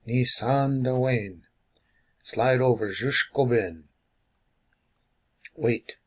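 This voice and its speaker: A man teaching language phrases, call and response, who repeats each phrase for learners to say back. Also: medium pitch. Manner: slow, drilling repetition of phrases.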